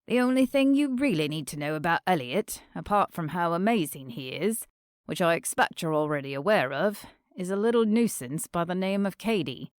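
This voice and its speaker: Chatty gossipy guy friend, quick and animated, woman reading it. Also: fairly low pitch, smooth, no echo, clean studio sound, natural voice.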